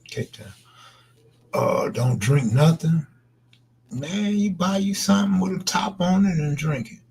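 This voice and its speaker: A man's voice: a little high, animated, unhurried, gravelly, darkish tone, a little hiss or hum. A man chatting loosely on a late-night live stream, answering viewers in slangy, laid-back talk that trails into mumbles.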